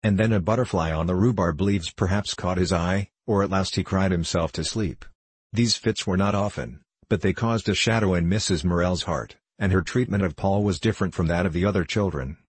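A man reading a novel aloud as an audiobook narrator, in a steady, measured way. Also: low voice, husky, no echo.

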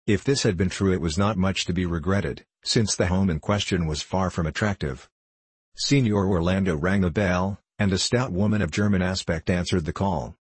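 A man narrating a storybook in a steady, measured reading. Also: low-pitched, slightly rough, dry recording. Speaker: audiobook narrator. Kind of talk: scripted narration.

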